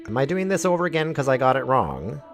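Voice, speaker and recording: A playful man streams a game, reading its lines aloud and laughing at his own choices. His voice rises and falls a lot as he talks. Music plays clearly behind him. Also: medium pitch, fast. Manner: animated, laughing often, playful. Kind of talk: let's play commentary, reading game text aloud.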